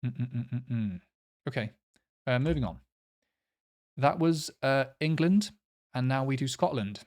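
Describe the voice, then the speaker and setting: Brief: male quiz player, slow and halting delivery, filler-heavy casual commentary. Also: medium pitch, animated, darkish tone. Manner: hesitant, many fillers, unsure pronunciations. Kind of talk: casual commentary while playing a map quiz.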